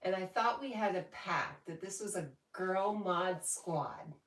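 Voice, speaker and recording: A woman's voice: on the low side, unhurried, slight background noise. A woman hosting a casual livestream from home, chatting and reading viewer comments aloud with frequent laughs. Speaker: livestream host. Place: home, indoors. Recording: echoey room, voice from a distance.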